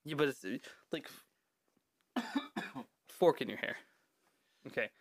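A man's voice: medium pitch, lively intonation, slow, no echo. A man hosting a casual podcast, telling a folklore story in a joking, mock-serious way and swearing often. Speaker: podcast host.

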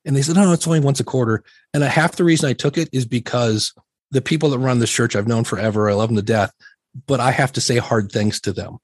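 A middle-aged man talks fast on a podcast, his mid-range voice fairly even in intonation, captured in a dry, studio-quality recording. He's casual, candid and rambling, runs himself down with humor and often acts out quoted exchanges.

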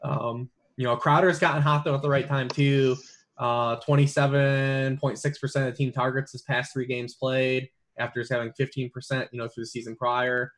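A man's voice: mid-range voice, level tone, moderate pace, fairly bright tone. A man talking through fantasy football picks in a casual podcast chat, with lots of fillers and restarts. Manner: rambling, many fillers and restarts.

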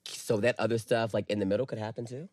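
A man's voice: lowish voice, fairly even intonation, fast, no room sound, studio quality. A man co-hosting a podcast in casual chat, candid and profane, retelling things dramatically. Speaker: podcast co-host.

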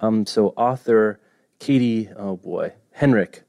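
Low-voiced man co-hosting a book podcast. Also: takes it slowly, creaky, dark tone, no echo, clean studio sound. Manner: chatty, self-deprecating, stumbles over names. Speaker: podcast co-host. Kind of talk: casual chat.

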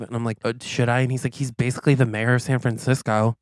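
Animated man spinning a comic story. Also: mid-range voice, fast talker, few pauses, no echo, clean studio sound. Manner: animated, acts out dialogue in quotes. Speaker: podcast co-host. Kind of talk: comic storytelling, pitching a movie plot.

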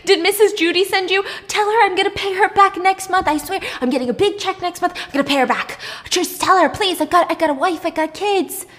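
A woman's voice: very high voice, fairly quick, few pauses, fairly bright tone, voice pushed up. A woman voicing a terrified grown man who pleads and stammers for his life. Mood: panicked pleading.

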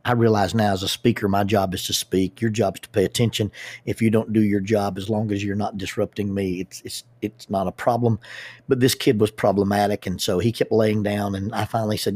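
A man, a public speaker and youth group leader telling a personal story in an animated way, often restarting his words. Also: lowish voice, fairly quick, dry recording. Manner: animated, with repeated starts and lively asides.

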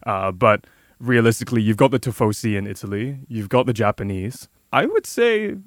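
A man's voice: lowish voice, lively intonation, normal speed, no echo, studio quality. A man co-hosting a casual podcast chat, talkative, with sarcastic asides and frequent restarts. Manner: chatty, sarcastic asides, repeats words when starting sentences. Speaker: podcast co-host.

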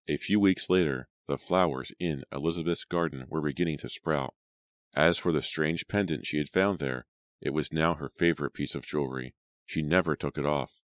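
Man reading an audiobook, super deep voice, dry close mic, steady. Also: no echo. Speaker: audiobook narrator. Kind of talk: scripted narration.

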